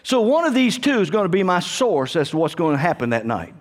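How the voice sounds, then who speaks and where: A man's voice: sits high, big pitch swings, a little fast. A man, preaching a sermon and telling a personal story, often restarting and calling out for amens. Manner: repetitive restarts, call-and-response amens. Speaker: pastor.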